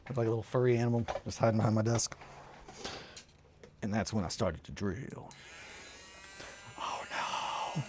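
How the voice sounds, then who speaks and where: A man's voice: on the low side, fairly quick, pauses often, noisy background. A man chatting casually on a livestream while doing a hobby, rambling and answering chat. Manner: rambling, animated, breaks into quoted cartoon lines. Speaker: streamer.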